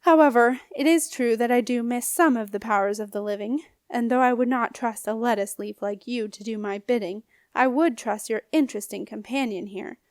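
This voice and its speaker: A woman's voice: a little high, moderate pace, few pauses, no echo, clean studio sound, close to an everyday voice. A woman reading an audiobook, voicing a scornful, menacing old male ghost with a snappish, growling manner. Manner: sneering, bullying.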